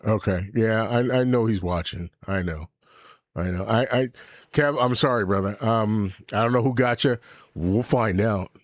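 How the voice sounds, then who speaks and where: Middle-aged male podcast host, lowish voice, dry close sound, rambling and unfiltered, talks straight to his live chat. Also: normal speed, no room sound. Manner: rambling, candid, swears freely; reads and answers live chat. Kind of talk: casual livestream chat. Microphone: desk mic with camera.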